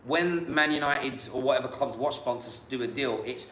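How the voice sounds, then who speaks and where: British man, football host, bright and high voice, jokey and animated, echoey room. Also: normal speed. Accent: British English. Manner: animated, jokey, laughs often. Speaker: podcast host. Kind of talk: casual chat. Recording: echoey room with faint hiss.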